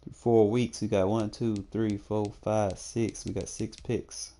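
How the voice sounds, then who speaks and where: A man's voice: lowish voice, little pitch movement, a little slow, dark tone. A young man casually talking through his football video game stats, laid-back and slangy, often thinking aloud. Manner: laid-back, slangy, talks to himself while checking stats. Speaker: gaming streamer. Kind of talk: casual gameplay commentary.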